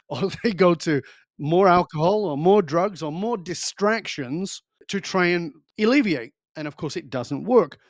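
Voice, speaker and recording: A man's voice: a little high, dry recording, clean studio sound. A middle-aged man coaching leaders, telling blunt stories in an interview and acting out both sides of each exchange. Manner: blunt, emphatic, acts out both sides of dialogues. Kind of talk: storytelling in an interview.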